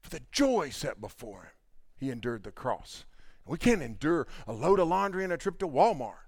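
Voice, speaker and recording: A man's voice: fairly high pitch, moderate pace, slightly rough, dry recording. A man preaching a conversational sermon, acting out everyday dialogues to make his point. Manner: animated storytelling, mimics people in dialogue. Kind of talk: conversational sermon with acted-out anecdotes.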